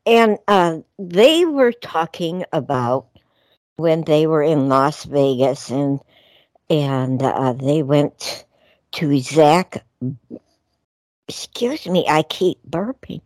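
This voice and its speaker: A woman's voice: low-pitched, expressive, slow pace, darkish tone, no echo. A woman co-hosting a radio talk show, telling a story in a meandering, chatty way with many fillers. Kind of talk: casual radio chat.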